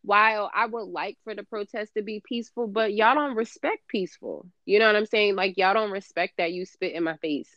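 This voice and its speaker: A woman's voice: mid-range voice, fairly quick, hardly any pauses, a bit bright, no room sound, muffled recording. A woman co-hosting a podcast in casual chat, talking emphatically and profanely, rambling with many fillers. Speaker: podcast co-host.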